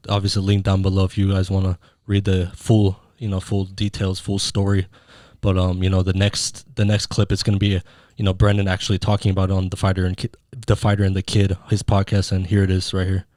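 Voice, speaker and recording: A man's voice: deep voice, flat delivery, brisk, darkish tone, no echo, studio quality. A man casually introducing video clips, hesitant with many fillers and restarts. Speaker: channel narrator.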